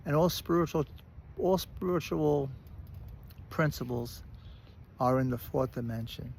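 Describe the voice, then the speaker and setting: Gravelly Brooklyn man telling a story. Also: on the high side, unhurried, a little hiss or hum. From Brooklyn, New York. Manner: animated, restarts and repeats words. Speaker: recovery speaker. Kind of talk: casual storytelling monologue.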